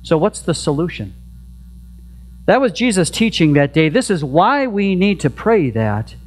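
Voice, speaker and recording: Male pastor, fairly high voice, chatty sermon delivery with faint mains hum. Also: sing-song, unhurried. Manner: conversational preaching with rhetorical questions; repeats a prayer refrain softly. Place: church sanctuary.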